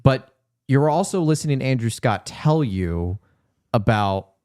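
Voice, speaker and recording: A man's voice: medium pitch, expressive, measured pace, darkish tone, smooth. A man in an everyday mid-range voice making a long case about a film on a podcast. He works through his points with hedges and side remarks, checking in with the others as he goes. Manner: argues at length, lays out points with hedges and asides. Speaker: podcast co-host. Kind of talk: casual film-review chat.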